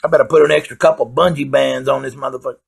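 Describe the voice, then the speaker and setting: A man's voice: medium pitch, steady tone, rapid-fire, creaky, breathy edge, voice pushed up. A man putting on an alarmed, wary worker. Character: wary man sizing up a big customer.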